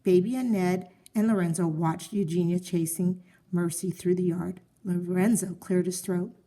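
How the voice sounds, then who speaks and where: A woman's voice: on the low side, fairly even intonation, normal speed, mellow. Woman reading a children's story aloud.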